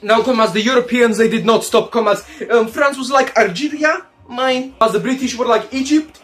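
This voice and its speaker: High-voiced man ranting like a comic commander. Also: normal speed, a bit bright. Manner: calls listeners "comrades" in nearly every line, crude and jokey; breaks into laughter and silly asides. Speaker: history video host in a comic commander persona. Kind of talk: comedic history commentary.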